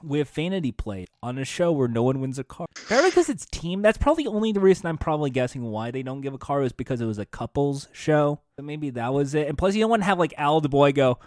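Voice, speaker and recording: Man, podcast co-host, casual chat, animated, laughing a lot, fairly high voice, dry close sound. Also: fast talker, hardly any pauses, no echo. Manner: animated, laughs often, mock game-show announcing. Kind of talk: casual chat about game shows.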